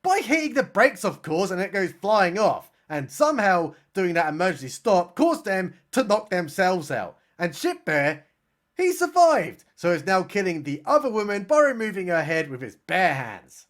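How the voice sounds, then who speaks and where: A man's voice: high voice, sing-song, fairly bright tone. A man giving a sarcastic, mocking comedic recap of a film. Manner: sarcastic, mocking, does quick voices for characters. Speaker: film reviewer.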